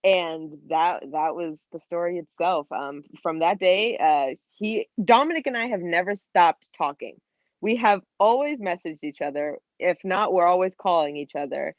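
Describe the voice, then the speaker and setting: Twenty-something woman chatting in an interview, kinda low voice, acts out her old lines, dull dry lo-fi sound. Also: moderate pace, no room sound. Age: 20s. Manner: lively, acts out her own past lines with lots of "like". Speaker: guest artist. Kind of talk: casual storytelling interview.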